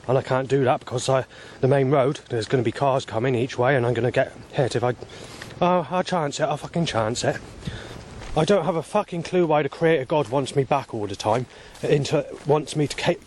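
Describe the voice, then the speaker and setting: A man's voice: medium pitch, darkish tone, slight background noise. A man vlogging on a walk outdoors by a road, talking in a rambling, agitated and profane monologue.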